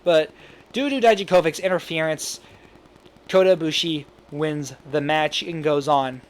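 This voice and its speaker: Rambling young-sounding man, high voice. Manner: rambling, laughs at own jokes, quick asides. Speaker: fantasy booking commentator. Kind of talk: casual solo commentary.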